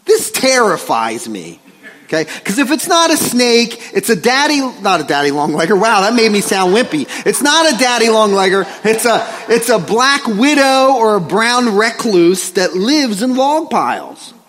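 A male pastor preaching a sermon in a joking, animated way, often asking the congregation questions. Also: high voice, normal speed. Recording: long hall reverb.

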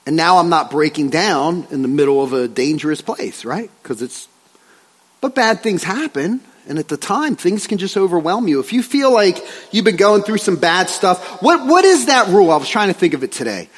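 A male pastor preaching a sermon in a joking, animated way, often asking the congregation questions. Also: high voice, normal speed, breathy edge. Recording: long hall reverb.

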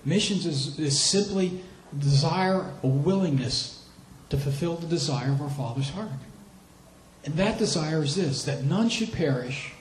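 A man's voice: on the high side, lively intonation, measured pace, reverberant, a little hiss or hum, rough recording. A man preaching a sermon as a missionary, telling stories with animation and repeating phrases for emphasis. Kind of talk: sermon with storytelling.

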